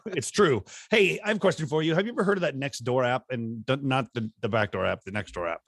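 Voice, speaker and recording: A man co-hosting a podcast in casual chat, joking and quick to laugh. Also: mid-range voice, a bit bright, no echo, studio quality. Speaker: podcast co-host.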